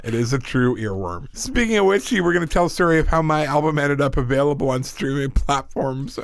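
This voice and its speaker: A man co-hosting a podcast, chatting in a relaxed, wry way and laughing easily. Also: on the high side, brisk, vocal fry, no room sound. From Canada. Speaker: podcast co-host. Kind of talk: casual chat.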